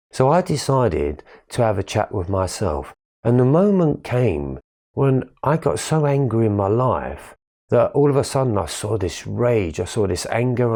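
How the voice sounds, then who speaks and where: A man's voice: fairly low pitch, darkish tone. A man giving a candid, earnest spiritual talk about his own life, swearing casually as he tells it. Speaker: spiritual speaker. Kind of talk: reflective personal monologue.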